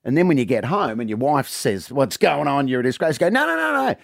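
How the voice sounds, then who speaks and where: A man voicing an eager, reassuring bloke at a pub, in a high excitable voice. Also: fairly quick, vocal fry, no echo, studio quality. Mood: urgent.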